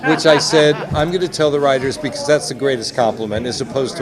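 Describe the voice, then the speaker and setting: Speaking fast at a mid pitch, this executive producer and director tells anecdotes in a relaxed, chatty convention press interview, giving lively voices to the people he quotes. A clear crowd murmur and loud chatter rise behind him in the busy convention hall.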